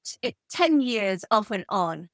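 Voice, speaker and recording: An English woman in her fifties, a guest author in an interview, telling lively anecdotes. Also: medium pitch, unhurried, dry recording. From England. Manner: animated anecdotal storytelling. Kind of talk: conversational interview.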